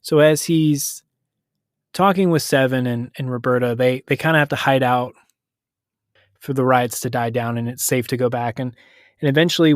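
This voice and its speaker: Guy on a podcast retelling a plot, chatty and loose, average pitch, very dry sound. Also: no echo. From United States. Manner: conversational, loose, self-correcting retelling with quick paraphrased quotes. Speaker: podcast host retelling a story. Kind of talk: casual storytelling recap.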